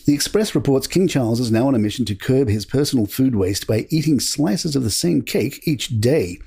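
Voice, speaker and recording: A man hosting a podcast, reading royal news headlines from a script in a measured, steady way. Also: medium pitch, gravelly, husky. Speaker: podcast host.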